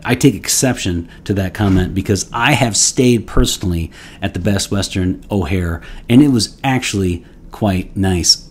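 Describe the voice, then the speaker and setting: Man, fairly low voice, casual fragrance review, rambling, joking mock outrage. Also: moderate pace, a little mellow, breathy edge. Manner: rambling, playful mock outrage, many restarts. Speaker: fragrance reviewer, channel host. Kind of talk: casual solo product review.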